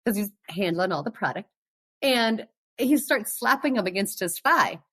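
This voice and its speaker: A woman appearing as a guest on a podcast, telling a story in casual chat, and her voice jumps up high when she retells what happened. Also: animated, normal speed, sharp tone. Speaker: podcast guest, host's twin sister.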